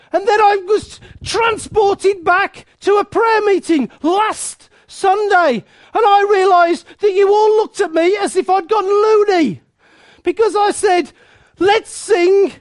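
High-voiced, passionate male preacher. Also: measured pace, dry recording, clean studio sound. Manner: passionate, bursts into snatches of song. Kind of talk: sermon.

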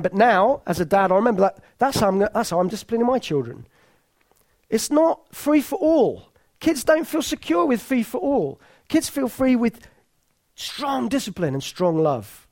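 Earnest high-voiced preacher. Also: male voice, no echo. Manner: earnest, emphatic, drops to soft intimate tones. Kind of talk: sermon.

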